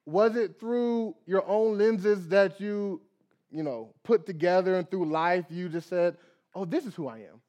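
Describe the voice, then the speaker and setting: A young man preaching a sermon as pastor, reading scripture, praying, and acting out little dialogues with lively energy. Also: high voice. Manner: animated preaching with acted dialogue and prayer.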